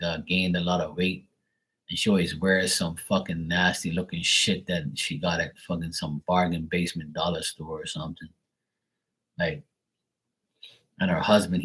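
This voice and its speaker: A man's voice: low voice, fairly bright tone, breathy edge, poor audio. A man talking casually and bluntly, venting with plenty of swearing. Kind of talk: casual chat.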